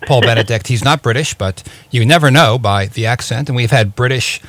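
A man's voice: medium pitch, brisk, a bit bright, dry recording. Man, radio host, rambling casual interview, many fillers, dry close sound.

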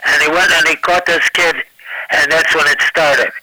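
Male comic guest, halting and stammering, bright tone, fairly high voice. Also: fairly even intonation, no echo, low-quality recording. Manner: halting, stammering, repeating words. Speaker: comedian guest. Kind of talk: casual radio interview.

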